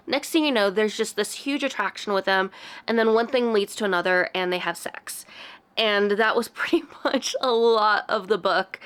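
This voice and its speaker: A woman's voice: medium pitch, fairly bright tone. A woman who is sick, chatting casually and candidly as she reviews books she read, laughing often. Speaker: book reviewer. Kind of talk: casual book review chat.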